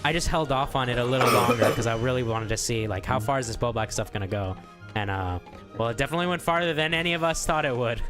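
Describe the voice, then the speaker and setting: A man's voice: mid-range voice, quick pace, music in the background. A man streaming a game and teasing his friends in casual banter, joking and laughing often.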